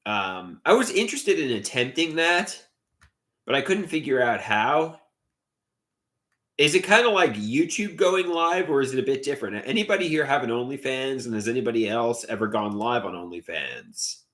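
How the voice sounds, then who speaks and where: Young Long Island man livestreaming, hesitant and rambling, mid pitch, animated delivery. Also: normal speed. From Long Island, New York. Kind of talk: casual live stream chat, reading comments.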